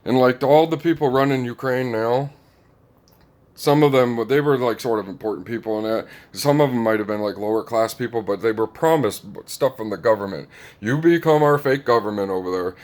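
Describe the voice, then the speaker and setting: A man delivering a rambling casual monologue, chuckling often and filling pauses with "like" and "um". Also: medium pitch, a little mellow. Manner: rambling, chuckling, many fillers. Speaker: commentator.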